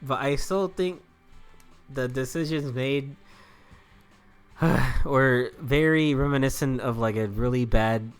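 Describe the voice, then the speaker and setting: A man's voice: medium pitch, slow, pauses often, clean tone. A young man giving casual, joking let's-play commentary, rambling and laughing at himself. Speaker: gameplay commentator. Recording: faint game music behind.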